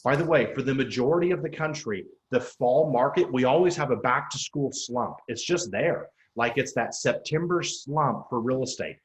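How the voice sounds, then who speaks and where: A man's voice: normal speed, hardly any pauses. Punchy man giving a motivational talk. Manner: punchy, emphatic, repeats key lines for effect; swings high and loud when quoting people. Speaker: real estate coach and speaker. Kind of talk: motivational talk to real estate agents.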